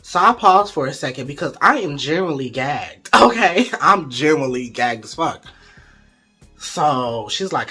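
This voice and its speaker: Bright, husky young man telling gossip. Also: a little high, moderate pace, soft background music. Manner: animated, profane, gossipy storytelling. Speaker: vlogger. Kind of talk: storytime vlog.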